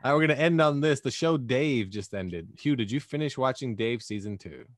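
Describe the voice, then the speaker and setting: A man hosting a podcast in casual chat, animated and joking, often slipping into mock voices. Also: medium pitch, fairly quick, dry recording, clean studio sound. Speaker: podcast host.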